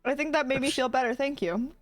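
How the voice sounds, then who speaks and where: A woman's voice: high voice, fast. A woman playing a tabletop game, chatting in a playful, giggly way. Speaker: player. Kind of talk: casual tabletop play.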